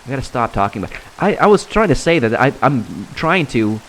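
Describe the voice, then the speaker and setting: A man giving casual, rambling commentary while playing a game, halting and restarting his sentences often. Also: medium pitch, very animated, a little hiss or hum. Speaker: gameplay commentator.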